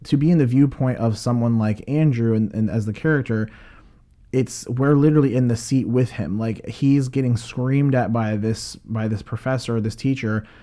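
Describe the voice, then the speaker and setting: A man talks through a film review in a loose, casual way, full of fillers and restarts. His voice is dark and mellow, at a middle pitch. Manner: rambling, many fillers and restarts.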